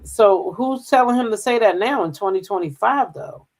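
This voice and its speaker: A woman's voice: medium pitch, lively intonation, darkish tone. A woman hosting a gossip channel, talking casually, humming fillers and reading news aloud. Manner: chatty, drawn-out filler hums, reads news aloud. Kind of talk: casual commentary.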